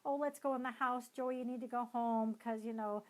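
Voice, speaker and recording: A woman voicing an adult parent comforting a hurt child, switching between fussing, brisk and calm, pitched a little above her own voice. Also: lightly acted, poor audio. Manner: soothing and fussing, then brisk.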